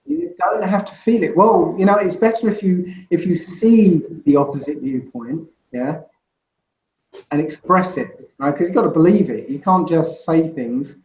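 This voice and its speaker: Rambling male guest, slightly high voice, echoey and dull lo-fi recording. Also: moderate pace, darkish tone. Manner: rambling, full of "you know" and "right?". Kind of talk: casual interview chat. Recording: roomy, muffled lo-fi sound.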